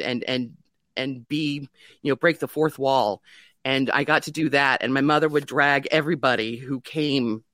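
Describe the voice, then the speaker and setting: A woman's voice: low voice, a bit bright, dry recording. A middle-aged woman candidly telling her life story in an interview, self-mocking and laughing often, with many fillers.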